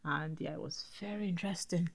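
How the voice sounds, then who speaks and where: Woman from Nigeria, young adult, slightly low voice, animated storyteller, crowd chatter in the background. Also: fairly quick. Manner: lively, animated storyteller who laughs often. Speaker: guest. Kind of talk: casual storytelling chat.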